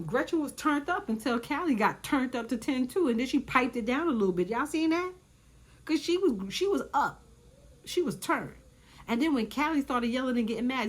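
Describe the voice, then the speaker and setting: A woman recapping reality show episodes in casual commentary, chatty and animated, often repeating herself for emphasis. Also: on the high side, brisk.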